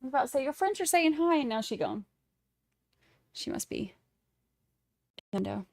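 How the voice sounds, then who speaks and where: A woman's voice: high-pitched, big pitch swings, fairly quick, no echo. Chatty, snarky woman livestreamer, dry sound. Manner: snarky, chatty, laughs easily. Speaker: livestream host. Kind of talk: casual chat with live chat.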